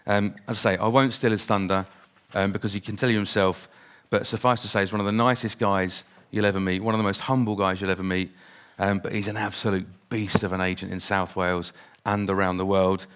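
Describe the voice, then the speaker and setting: A man's voice: low-pitched, little pitch movement, brisk, hardly any pauses, a bit bright, smooth. A man hosting a conference, introducing the next speaker on stage in an upbeat, chatty way. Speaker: conference host.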